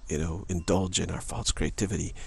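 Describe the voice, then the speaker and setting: Here the speaker is gravelly and slightly rough, pitched low, with a steady tone and a brisk pace. His spiritual teaching monologue is repetitive, full of restarts and "you know," and he acts out short dialogues.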